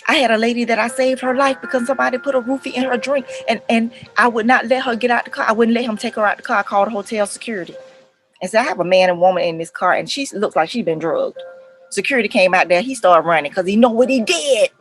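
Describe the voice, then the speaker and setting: A middle-aged woman, a counselor telling stories to parents in a lively, conversational way and acting out the voices. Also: on the high side, fast talker, soft background music, rough recording. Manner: animated retelling, acts out voices, addresses viewers as y'all. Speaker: counselor and life coach speaking to parents. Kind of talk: casual talk to camera, storytelling.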